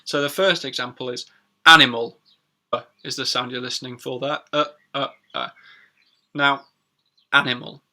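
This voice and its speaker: Male teacher, chatty, gravelly tone, live lesson. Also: medium pitch, fairly even intonation, pushed and bright. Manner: chatty, repeats words slowly for learners. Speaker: English teacher. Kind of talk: live-streamed pronunciation lesson.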